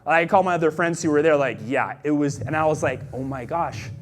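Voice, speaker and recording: A young man casually telling a personal testimony, animated and full of fillers, acting out the voices he quotes. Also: a little high, quick pace. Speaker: storyteller sharing a personal testimony.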